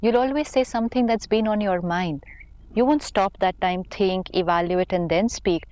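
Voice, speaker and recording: Woman calmly giving spiritual advice. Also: mid-range voice, moderate pace. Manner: explains patiently with everyday examples. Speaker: spiritual teacher. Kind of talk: calm spiritual talk show conversation.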